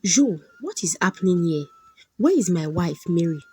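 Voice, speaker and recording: A man's voice: high voice, big pitch swings, normal speed, warm tone, slightly rough, exaggerated voice. A woman voicing an emotional, pleading young husband in a folktale. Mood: confused. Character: bewitched husband, confused then remorseful.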